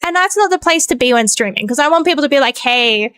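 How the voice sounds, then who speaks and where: A woman's voice: sits high, expressive, very fast, a bit bright, no room sound. A woman streamer in casual end-of-stream chat, rambling and venting with plenty of swearing, then thanking her viewers.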